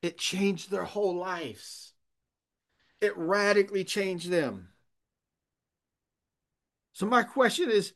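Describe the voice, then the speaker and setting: A man's voice: high voice, takes it slowly, pauses often, fairly bright tone. A man pastor preaching a sermon, earnest and emphatic, asking rhetorical questions.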